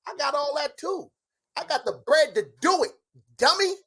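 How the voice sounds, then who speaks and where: A middle-aged man in a heated argument as a show guest, ranting loudly with lots of profanity and rapid challenges. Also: extremely high pitch, animated.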